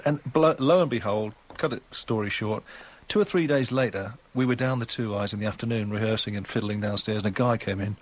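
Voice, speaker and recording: Husky older Geordie man telling stories. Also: fairly low pitch, brisk, hardly any pauses. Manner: rambling anecdotal storyteller, chatty. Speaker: guest musician. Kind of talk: radio interview storytelling.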